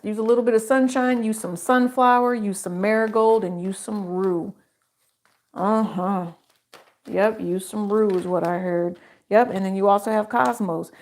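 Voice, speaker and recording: With a voice in an ordinary middle range, a woman gives a solo tarot reading directly to camera. Chatty and emphatic, she circles back over her own phrases and tosses in rhetorical questions.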